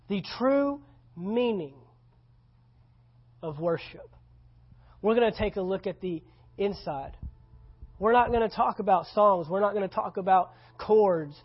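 A man's voice: sits high, animated, measured pace, long pauses, husky. A male pastor preaching a sermon at a church service, conversational and emphatic, repeating key phrases. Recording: slightly dull lo-fi recording.

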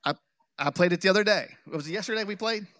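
Animated man preaching, higher voice. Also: fast, dry recording, studio quality. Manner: animated, joking, with restarts. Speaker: pastor. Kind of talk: sermon with storytelling.

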